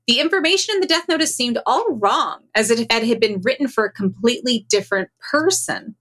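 A woman hosting a comedy podcast, casually recapping a story with laughs and animated retelling. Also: fairly high pitch, brisk. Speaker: podcast host.

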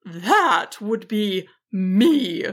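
A woman voicing a bold, protective female dragon in a storybook, calling out slowly and loudly. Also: mid-range voice, big pitch swings, full character voice. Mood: calm. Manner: slow, loud, commanding calls.

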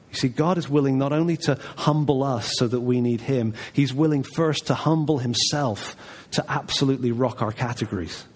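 A man's voice: medium pitch, slightly rough. A man preaching a sermon in a church, talking in a conversational, emphatic way. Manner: conversational, emphatic, voices God's replies softly.

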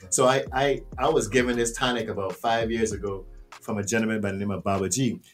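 A man talking as a podcast guest, animated and full of rhetorical questions, swearing freely. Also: lowish voice, a little fast, far from the mic. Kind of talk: casual podcast interview.

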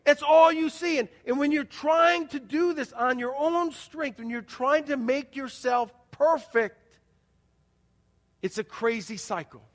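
A male pastor preaching a sermon with folksy storytelling and rhetorical questions to the congregation, acting out quoted voices and swinging between quiet and loud. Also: very high voice, unhurried, in a large hall. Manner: acts out quoted voices with big swings in loudness. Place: church.

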